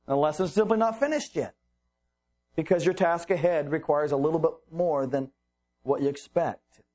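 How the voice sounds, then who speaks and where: A man's voice: on the high side, moderate pace, warm tone. A man preaching a sermon, reading Bible verses and explaining them earnestly with rhetorical questions.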